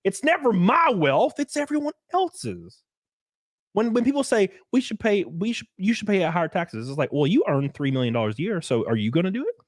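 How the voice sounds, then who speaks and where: A young man hosting a podcast, chatting casually in an animated, ranting way and mocking others' voices. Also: a little high, quick pace, few pauses, dry recording, studio quality. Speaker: podcast host. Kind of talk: casual opinionated chat.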